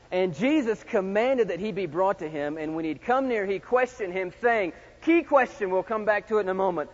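A middle-aged man preaching a sermon, swinging from loud shouts to hushed, intimate tones. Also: sits high, lively intonation, moderate pace. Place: large church sanctuary. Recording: dull sound with long hall reverb.

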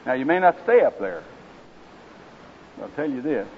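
A man's voice: medium pitch, sing-song, normal speed. A man with an Oklahoma accent preaching a sermon, folksy and conversational, then reading a parable aloud. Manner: folksy, conversational and direct with listeners. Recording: slightly dull with faint hiss.

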